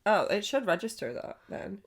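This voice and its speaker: A woman in her twenties co-hosting a podcast, reacting to stories with quick comments and laughs. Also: medium pitch, big pitch swings. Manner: reactive, laughs along, swears casually. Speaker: podcast co-host. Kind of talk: casual chat.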